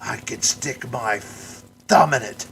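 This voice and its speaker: A man doing an impression of an excitable Australian wildlife showman, with a put-on Australian accent. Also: medium pitch, takes it slowly, vocal fry, slight background noise. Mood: gushing. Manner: excited, gushing.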